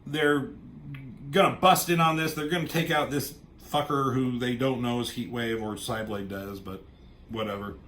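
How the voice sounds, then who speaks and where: A man's voice: medium pitch, steady tone, moderate pace, fairly bright tone. A man reviewing a comic book in casual, rambling chat, swearing offhandedly and trailing off into asides.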